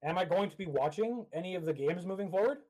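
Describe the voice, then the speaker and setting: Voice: medium pitch, lively intonation, quick pace, dark tone, poor audio. A co-host of a casual hockey podcast, blunt and sardonic, with the odd swear.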